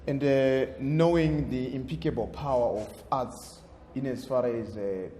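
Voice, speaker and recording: A man's voice: mid-range voice, fairly even intonation, measured pace, dark tone, echoey room, slight background noise. A man with a Zimbabwean accent moderating a panel debate, formal in wording and hesitant with frequent fillers.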